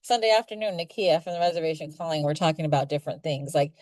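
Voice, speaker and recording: Brief: low-pitched woman panelist, passionate and emotional, dry close sound. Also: fast talker, no echo. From Chumash community, California. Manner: passionate, emotional, animated quoting. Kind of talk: panel discussion.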